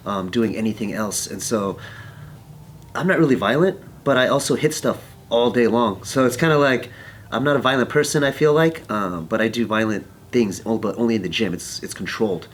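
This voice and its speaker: A man, a professional fighter, telling a story in casual conversation; soft-spoken and self-censoring, he acts out the people he quotes. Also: a little fast, slight background noise. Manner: animated, acts out quoted people with jumps in pitch.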